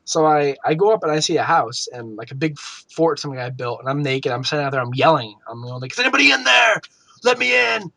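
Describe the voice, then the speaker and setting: A young man co-hosting a gaming podcast, telling a story in casual chat, swearing freely and acting out shouted quotes. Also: medium pitch, steady tone, fairly quick, hardly any pauses, no echo. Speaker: podcast co-host.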